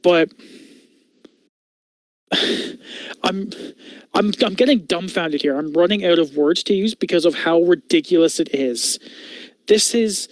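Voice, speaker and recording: A man's voice: high-pitched, a little slow, long pauses, dry recording. A man co-hosting a podcast, ranting in exasperation and swearing in casual chat.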